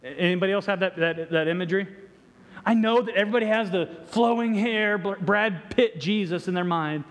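Halting high-voiced pastor in a reverberant hall. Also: male voice. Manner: halting, many restarts, acts out voices. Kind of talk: sermon.

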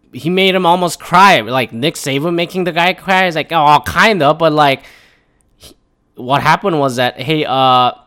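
A man's voice: mid-range voice, clean tone. Profane rambling young man ranting. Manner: profane, rambling, with animated quoted asides. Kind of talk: casual ranting commentary.

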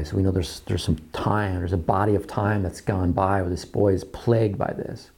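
A man preaching a sermon, repeating his phrases and acting out quoted voices, dropping to quiet lows. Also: expressive, a little fast, vocal fry, hardly any pauses, breathy edge. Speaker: pastor.

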